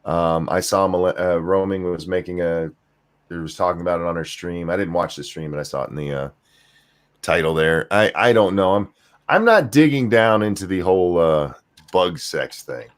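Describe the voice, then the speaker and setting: An older man hosting a casual podcast chat, relaxed and rambling with fillers. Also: low voice, normal speed. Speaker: host.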